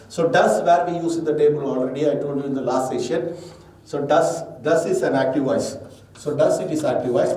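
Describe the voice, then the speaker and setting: A man's voice: on the high side, warm tone. Man teaching grammar in an echoey room. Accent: Indian English. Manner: explains step by step, asks and answers own questions. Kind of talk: grammar lesson. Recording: echoey room, distant mic.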